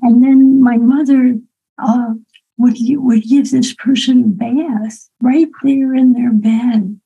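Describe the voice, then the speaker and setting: Slow, gravelly older woman telling stories. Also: on the high side, steady tone, mellow, low-quality recording. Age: 80s. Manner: unhurried, reflective, with asides of "right?" and "okay?". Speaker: storyteller. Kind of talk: personal storytelling to an audience.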